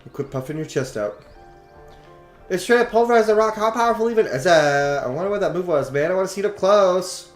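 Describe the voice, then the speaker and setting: A man giving jokey, excitable commentary while playing a video game, now and then swearing. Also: sits high, quick pace, hardly any pauses. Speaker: let's play host. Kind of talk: casual gameplay commentary. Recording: roomy echo, faint game music. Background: faint game music.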